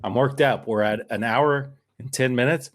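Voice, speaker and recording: A man's voice: medium pitch, moderate pace. A man co-hosting a political podcast, talking in a worked-up, emphatic and rambling way. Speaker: podcast co-host. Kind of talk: casual political podcast chat.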